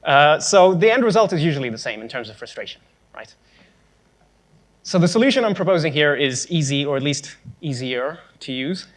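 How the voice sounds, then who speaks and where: A man's voice: on the high side, lively intonation, normal speed. A young man giving a conference tech talk, casual and sarcastic with joking asides. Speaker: conference speaker.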